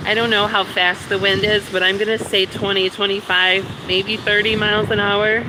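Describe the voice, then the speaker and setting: A woman's voice: medium pitch, flat delivery, normal speed. A woman vlogging on her phone from a windy lakeshore, chatty and shivering from the cold, breaking into gushing exclamations. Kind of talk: casual live-stream chat. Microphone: phone camera. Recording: loud wind noise on phone mic.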